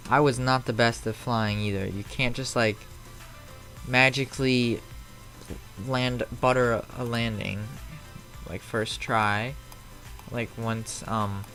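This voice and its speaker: A man with a medium-pitched, fairly bright voice streams a flight simulator from home. As a flight sim live streamer, he chats loosely and answers viewers' messages aloud as they arrive, in casual live-stream conversation.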